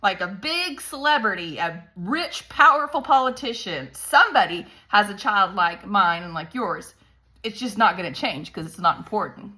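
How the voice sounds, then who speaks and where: A woman's voice: mid-range voice, animated, moderate pace, bright, forceful tone. A woman in her thirties venting candidly to camera about her hard days as a parent, swearing often and joking darkly while sounding worn out. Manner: profane, darkly humorous, venting. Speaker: parent vlogger. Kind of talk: candid talking-to-camera vlog.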